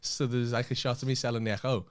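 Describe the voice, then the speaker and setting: A man's voice: mid-range voice, quick pace, smooth. Scouse man telling a story. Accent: Liverpool. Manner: animated, swears freely, acts out other people's lines. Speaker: comedian and podcast co-host. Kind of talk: casual anecdote telling.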